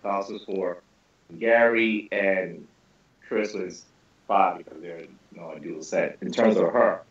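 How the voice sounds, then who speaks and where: Animated man telling a story on a distant call. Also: low voice, unhurried. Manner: animated storyteller, stammers and repeats words, swears freely. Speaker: podcast panelist. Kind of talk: casual group podcast chat, telling a story. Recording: roomy, distant, dull lo-fi call audio.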